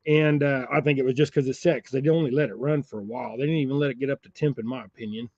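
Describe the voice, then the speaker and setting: A man's voice: medium pitch, steady tone, rapid-fire, a little mellow, dry recording, dull audio. A man hosting a fishing channel, chatting casually on a livestream while tying jigs. He rambles in a folksy way and chuckles often.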